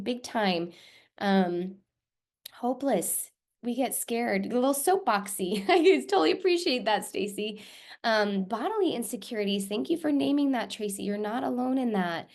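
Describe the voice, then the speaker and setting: Woman, mid-pitched, workshop presenter on a video call, affirming and reflective. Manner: warm, affirming, reflective, with filler ums. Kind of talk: live online workshop, reading out participant responses.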